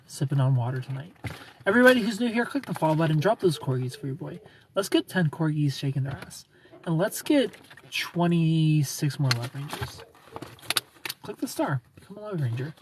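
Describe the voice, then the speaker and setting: A man's voice: a little high, lively intonation, normal speed, a little mellow, a little hiss or hum. A man hosting a live stream, chatting casually and joking while he reads and answers viewer comments.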